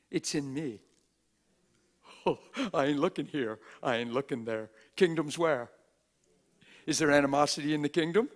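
At a church gathering, a man delivers a live sermon in a chatty way, throwing rhetorical questions at his listeners and performing the voices of those he quotes. His voice sits a little high.

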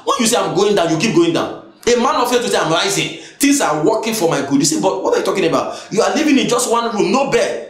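A man with a Nigerian English accent preaching a sermon, emphatic and repetitive, bursting into shouts. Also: sits high, animated, fast, reverberant.

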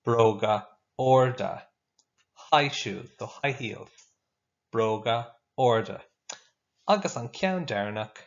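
A man's voice: medium pitch, animated, takes it slowly, long pauses. A man teaching a vocabulary lesson, patiently repeating each word for pupils to echo. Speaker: language teacher. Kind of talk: classroom vocabulary drill. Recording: dull lo-fi recording.

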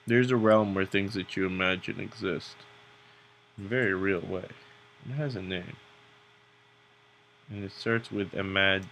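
A young man talks his way through a drawing lesson in a loose, rambling manner, drifting into jokes at his own expense. His voice sits a little low and has a gravelly, fried edge. A faint hiss of noise lies under it. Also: a bit bright. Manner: rambling, joking, self-mocking. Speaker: drawing tutorial host. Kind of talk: casual narration while drawing.

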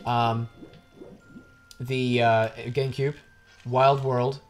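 Co-hosting a video game playthrough, a young man chats casually and rambles, swearing plenty and sounding tired yet animated. His medium-pitched voice moves very slowly, with faint music in the background.

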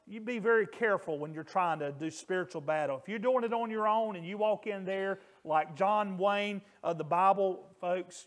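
Male pastor, middle-aged, higher voice, earnest sermon storyteller. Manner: earnest, emphatic, raises voice on quoted screams.

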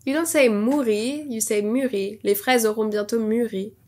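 A woman's voice: fairly high pitch, fast talker. A young woman with a French accent, a native French speaker, chatting casually to camera as a YouTuber, laughing often and sometimes exasperated, recorded on a phone's small mic. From France. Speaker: YouTuber testing a language app.

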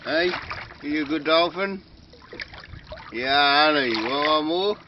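Slow coaxing Australian man outdoors. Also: on the high side. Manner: coaxing, sing-song calls with frequent chuckles. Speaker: vlogger feeding a dolphin. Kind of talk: casual talk to an animal. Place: outdoors on a small boat on the water. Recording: dull lo-fi outdoor recording with boat and water noise.

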